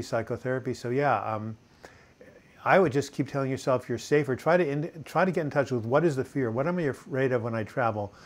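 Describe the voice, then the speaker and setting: An older man talks at a webcam from his home, hosting a live stream about mental health. He rambles in a relaxed way and reads out viewer questions. His speech is full of fillers and restarts. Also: medium pitch. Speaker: host of a live video chat on mental health. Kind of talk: casual live-stream chat reading viewer comments. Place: home in Portland, US.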